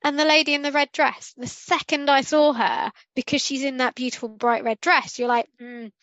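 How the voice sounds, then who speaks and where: A woman's voice: sits high, steady tone, a little fast, fairly bright tone, dry recording, dull audio. A woman co-hosting a casual podcast discussion, rambling and correcting herself as she goes and acting out what she was thinking. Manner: rambling, self-correcting, acts out quotes. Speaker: podcast co-host.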